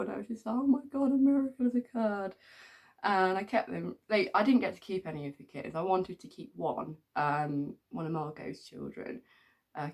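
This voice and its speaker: A middle-aged woman from England rambles through her stories, laughing often and filling pauses with ums. Her voice sits low, with a gravelly edge. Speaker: vlogger. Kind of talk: casual storytelling.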